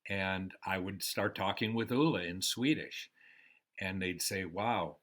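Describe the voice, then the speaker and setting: Slow, deep-voiced older American man. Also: fairly bright tone. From United States. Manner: rambling and unhurried, with pauses and fillers. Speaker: memoir storyteller. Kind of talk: casual spoken memoir.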